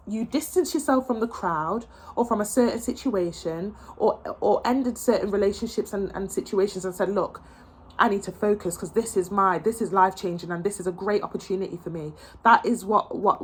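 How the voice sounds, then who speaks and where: A young adult woman giving a casual tarot reading, talking in an emotional, encouraging way with frequent restarts and repeated phrases. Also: mid-range voice. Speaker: tarot reader.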